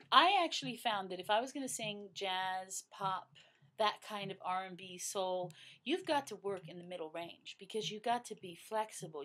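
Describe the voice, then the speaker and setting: A middle-aged woman teaching singing, explaining vocal registers slowly and breaking into loud sung exercises. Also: medium pitch. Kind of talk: vocal lesson with sung demonstrations.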